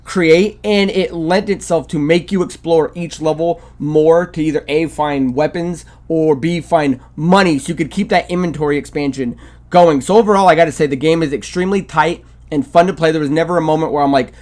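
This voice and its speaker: A man's voice: on the high side, fairly quick, darkish tone. A man co-hosting a casual game review chat, rambling with many fillers and restarts. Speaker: video game podcast co-host.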